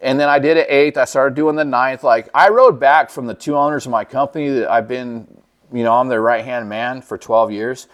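Laid-back man telling a rough story. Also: medium pitch, moderate pace. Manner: profane, laid-back, acts out quoted dialogue. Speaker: guest sharing his recovery story. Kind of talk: casual storytelling.

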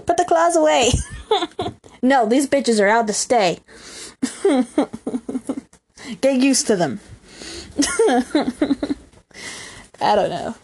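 A woman's voice: fairly high pitch, animated, very slow, pauses often, a little mellow, slight background noise. Young woman with a girlish voice. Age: young adult. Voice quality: girlish, youthful-sounding voice. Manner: chatty, rambling, laughs often. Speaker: podcast host. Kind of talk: casual solo chat. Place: room at home.

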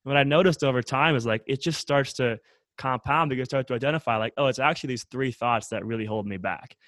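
A man's voice: mid-range voice, quick pace, no room sound. Casual male podcast host. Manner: relaxed, uses many fillers like "like". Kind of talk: casual chat.

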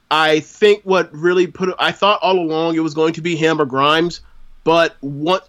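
A man's voice: fairly high pitch, a bit bright. A man from Florida, chatting casually on a wrestling podcast, full of fillers and restarts. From Florida, USA. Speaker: podcast co-host.

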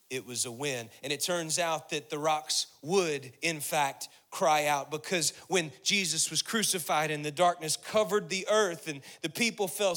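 A pastor preaches a sermon in a high-leaning, pushed and bright voice. Reading and explaining scripture, he repeats phrases for emphasis, voices Jesus' words, and builds to rising intensity.

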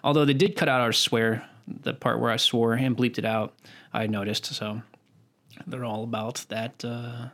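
A man's voice: mid-range voice, level tone, moderate pace, fairly bright tone. Swearing, joking male podcast co-host. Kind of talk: casual podcast banter.

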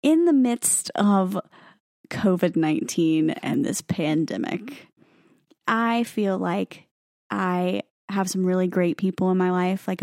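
A woman's voice: fairly low pitch, a little mellow, dry recording. Young woman cohosting a podcast, chatty and easygoing, dry close mic. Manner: chatty, lots of fillers and laughs. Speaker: podcast co-host. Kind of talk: casual chat.

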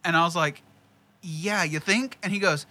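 A man's voice: a little high, normal speed, pushed and bright. Laid-back man telling a story. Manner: laid-back, profane, laughs often, quotes people in dialogue. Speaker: podcast co-host telling a work story. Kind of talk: casual storytelling chat.

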